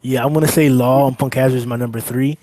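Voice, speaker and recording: A man's voice: medium pitch, fairly even intonation, fast talker, mellow, no room sound. A man in a casual group voice chat, rambling with lots of fillers and swearing. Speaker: discussion participant.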